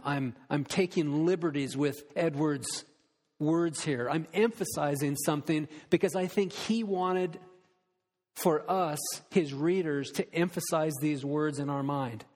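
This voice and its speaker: A man preaching a sermon as pastor, earnest and slowing down to stress key words. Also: fairly high pitch, a little mellow. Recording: long reverb of a church hall.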